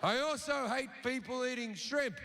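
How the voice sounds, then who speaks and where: A man's voice: extremely high pitch, normal speed, creaky, pitched above the performer's own voice. An Australian man playing a petty, bigoted male God who swears constantly, whining and then exploding. He performs it live in front of a comedy crowd. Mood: grumpy. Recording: live venue with audible noise.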